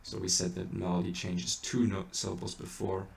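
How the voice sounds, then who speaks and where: A man's voice: low voice, completely flat delivery, moderate pace, gravelly, slight background noise. A man teaching how to chant, patiently explaining each step in a casual way. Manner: patient, explains in small steps. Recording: echoey room, distant mic, faint ambience.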